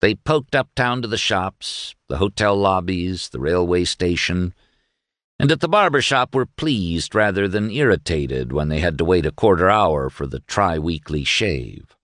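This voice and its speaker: A man reading a novel aloud in measured, literary narration. His voice sits low but moves expressively, and the recording is dry and close. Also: animated, fairly bright tone, no room sound. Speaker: audiobook narrator. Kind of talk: scripted narration.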